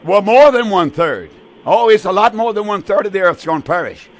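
Halting older man preaching on radio. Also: high-pitched, lively intonation. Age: 80s. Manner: halting, repeats words, earnest.

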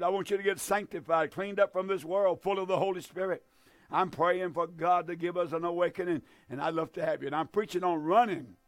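A man's voice: sits high, no room sound. An older man preaching a fervent evangelistic sermon from a church, repeating his appeals again and again. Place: church sanctuary.

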